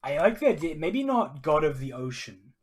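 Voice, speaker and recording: A man's voice: on the high side, sing-song, normal speed, husky. A man narrating his solo tabletop role-playing game on a live stream, casual and hesitant, chatting with viewers. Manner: casual and hesitant, many ums, talks to chat.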